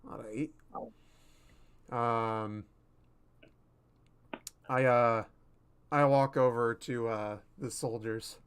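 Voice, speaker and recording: A man playing a tabletop game, speaking in character with halting restarts. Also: mid-range voice, steady tone, clean tone. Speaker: player.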